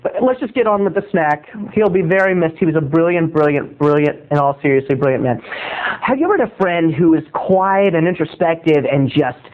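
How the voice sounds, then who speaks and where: High-voiced man rambling through a tinny line. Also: animated, brisk. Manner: rambling, stammering restarts, sudden loud outbursts. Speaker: comedy show host. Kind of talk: comic storytelling monologue. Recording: tinny phone-like lo-fi audio.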